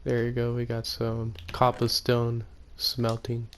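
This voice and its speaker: A man commentating his own gameplay in an unhurried, fairly monotone voice. He rambles, corrects himself and often drifts quiet. Faint keyboard clicks sit underneath. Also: mid-range voice, slight background noise. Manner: rambling, self-correcting, soft-spoken. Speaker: gaming YouTuber.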